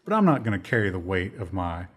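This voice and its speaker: A man's voice: low-pitched, very animated, fast talker, breathy edge. A man co-hosting a casual tech news discussion, sardonic, acting out quoted people in mocking voices. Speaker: co-host.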